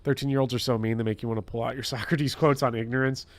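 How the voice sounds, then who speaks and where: A man who works as a teacher, talking casually to his chat while gaming, blunt and heavily profane in an animated rant. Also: mid-range voice, fast talker, no room sound. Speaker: teacher streaming a game.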